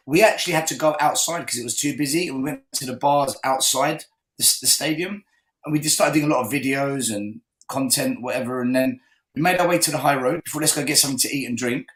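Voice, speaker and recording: A man hosting a fan call-in show, telling a lively, swearing story in casual chat. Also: mid-range voice, fast, echoey room, rough recording.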